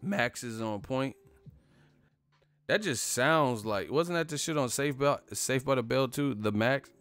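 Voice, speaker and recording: A man talks loosely on a live stream, rambling and swearing freely and chuckling at his own jokes. His voice sits at an everyday middle pitch. Quiet music plays faintly behind him. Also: expressive, unhurried, dry recording. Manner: profane, rambling, laughs at himself. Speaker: boxing commentary host. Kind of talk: casual live-stream rant.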